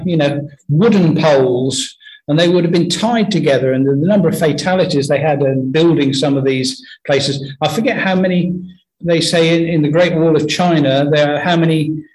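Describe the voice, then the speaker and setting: A man giving an earnest, conversational sermon full of stories, often pausing and restarting his sentences. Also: fairly high pitch, a little mellow, low-quality recording. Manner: earnest, anecdotal, halting with many restarts. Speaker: preacher.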